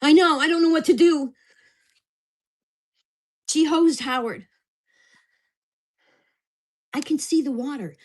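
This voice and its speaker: A woman's voice: high voice, slow pace, pauses often. An older woman venting angrily and profanely in a casual vlog rant. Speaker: vlogger.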